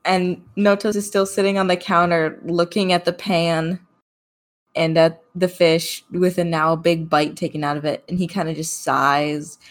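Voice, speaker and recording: Slow, low-voiced woman game master. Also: little pitch movement. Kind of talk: narrating a tabletop game.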